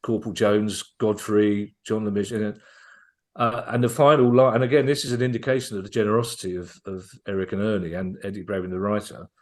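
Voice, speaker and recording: A man with a fairly low voice tells a comedy story as a podcast guest. He is eager and chatty, often backing up to restart a sentence before pushing on. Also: flat delivery, brisk, darkish tone. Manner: enthusiastic anecdote-teller, restarting sentences as he goes.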